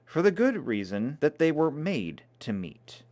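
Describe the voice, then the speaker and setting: A man's voice: fairly high pitch, sing-song, a little mellow, voice pushed up. A man reading aloud as a lofty male controller lecturing a group of students. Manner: lecturing, measured.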